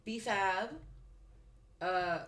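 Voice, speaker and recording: A young drag performer chatting casually as a guest, telling stories full of "like" and animated impressions. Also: female voice, medium pitch, very slow, slight background noise. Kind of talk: casual chat. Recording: echoey room, voice somewhat off-mic.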